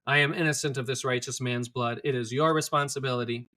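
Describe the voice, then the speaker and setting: A man's voice: medium pitch, fairly even intonation, a little fast, bright, forceful tone, lightly acted. A man voicing an uneasy Roman governor who reasons and pleads with a hostile crowd. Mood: pleading.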